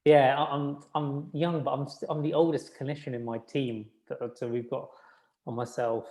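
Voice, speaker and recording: A man, chatting casually as an interview guest, relaxed and self-deprecating with frequent restarts. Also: medium pitch, moderate pace. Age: 30s. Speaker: podiatrist guest.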